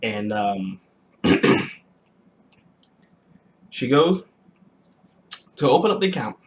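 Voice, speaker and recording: A young adult man casually recounting a personal story to the camera, animated, with frequent restarts and throat clearing. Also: medium pitch, takes it slowly. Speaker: vlogger telling a personal story.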